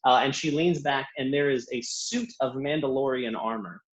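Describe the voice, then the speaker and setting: A man running a tabletop game, describing the scene at length and pausing on fillers. His mid-pitched voice comes through a dull, lo-fi recording. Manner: descriptive narration with frequent uh fillers. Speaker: game master.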